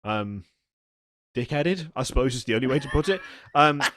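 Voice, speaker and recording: A man co-hosts a casual podcast, retelling a story in a loose, rambling way full of restarts. His voice sits at an ordinary mid pitch, and the recording is dry and close. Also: expressive, moderate pace, a bit bright, no room sound. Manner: rambling, self-interrupting storyteller with frequent ums. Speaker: podcast co-host. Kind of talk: casual chat.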